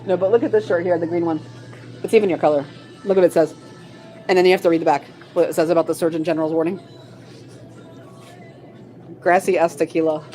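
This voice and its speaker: A woman's voice of middle pitch, sleepy and giddy, who laughs a lot as she reads viewer messages aloud in a shop late at night. Faint music plays behind her, and the sound comes through a phone. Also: steady tone, quick pace, long pauses, mellow, poor audio. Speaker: livestream co-host. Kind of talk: casual livestream chat.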